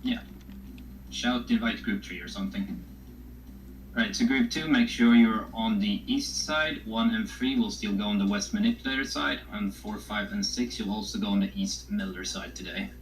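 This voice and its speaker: A man's voice: fairly low pitch, normal speed, slight background noise, rough recording. A man leading an online game raid over voice chat, giving directions and calling out group assignments. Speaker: raid leader. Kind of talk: casual voice chat while gaming.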